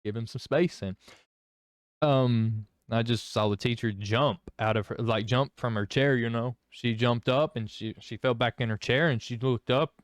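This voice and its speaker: A young man vlogger shares his personal testimony candidly, rambling with many fillers and restarts. His medium-pitched voice is clean and resonant, with a steady tone and normal speed, in a dry, studio-quality recording.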